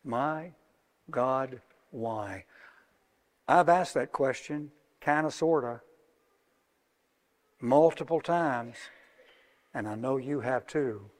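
A middle-aged man preaching a sermon, moving between hushed, slow words and loud, emphatic passages. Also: mid-range voice. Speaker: pastor. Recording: long reverb of a large hall.

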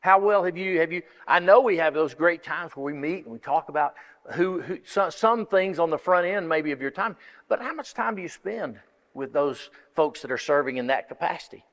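A man's voice: fairly high pitch, normal speed, a bit bright. A man preaching and giving announcements in a church, folksy and rambling with many restarts. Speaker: pastor. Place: church sanctuary. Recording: long reverb of a large hall.

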